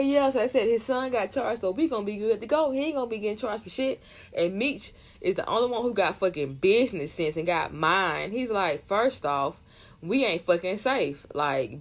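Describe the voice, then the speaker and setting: A woman recaps a TV episode in a loose, profane rush. She jumps into characters' lines and acts them out along the way. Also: fairly low pitch. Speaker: recap vlogger.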